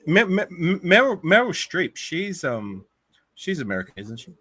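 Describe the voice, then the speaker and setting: A man's voice: high voice, big pitch swings, moderate pace, bright, forceful tone, slightly rough, dry recording. A man chatting as a guest on a live stream, teasing the host and plugging his own show. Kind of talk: casual live-stream chat.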